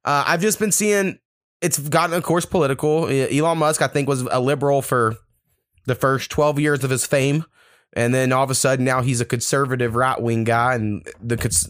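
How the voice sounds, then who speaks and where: A man's voice: mid-range voice, a bit bright, dry recording, studio quality. A man hosting a podcast, chatting casually and telling loose, profane stories with lots of fillers. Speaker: podcast host.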